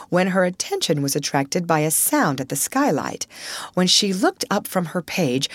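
Expressive woman narrator for a storybook, measured, low and dry. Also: no echo. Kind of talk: audiobook narration.

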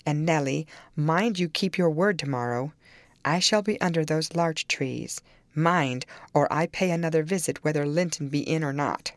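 A woman's voice: low voice, moderate pace, no room sound. A woman voicing a brooding, fierce man who pleads urgently and curses in an audiobook. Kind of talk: audiobook character reading.

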